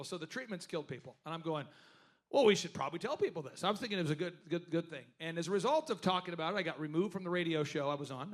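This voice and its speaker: A man with a fairly high voice speaks to a live workshop audience. He hosts with animated storytelling, turning to the room with questions. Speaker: host.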